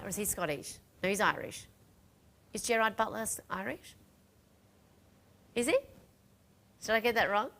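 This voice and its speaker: A woman's voice: on the low side, pushed and bright. A middle-aged woman presenting live home-shopping jewellery sales in a chatty, rambling way, talking straight to the viewers.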